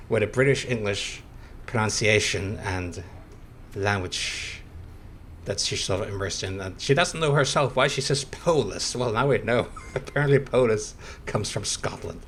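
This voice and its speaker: A man's voice: fairly low pitch, a bit bright, a little hiss or hum. A man streaming a video game, chatting in a rambling, hesitant way and chuckling between thoughts. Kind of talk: casual gameplay commentary.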